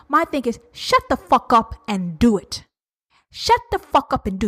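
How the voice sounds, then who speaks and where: A woman around forty hosting a solo podcast, blunt and profane, ranting at her listeners and swinging between loud and hushed. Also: fairly high pitch, big pitch swings, moderate pace. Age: 40s. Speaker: podcast host. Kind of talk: uncensored solo podcast rant.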